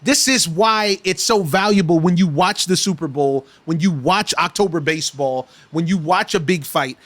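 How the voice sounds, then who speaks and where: A man with a notably high speaking voice argues his case with passion. He talks in a casual discussion, circling back and repeating phrases as he builds momentum. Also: normal speed, a bit bright. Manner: impassioned, repetitive, restarts phrases. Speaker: podcast guest. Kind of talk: casual talk show discussion.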